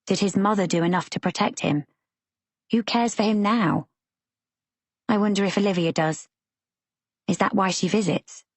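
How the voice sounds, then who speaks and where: A woman reading a romance novel aloud as a calm, measured first-person narrator. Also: lowish voice, no echo. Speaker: audiobook narrator.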